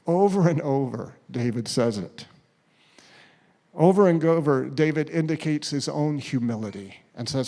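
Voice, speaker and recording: A man preaching a sermon, retelling a story with acted quotes and dropping to a hush at key points. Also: medium pitch, lively intonation, normal speed. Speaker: pastor.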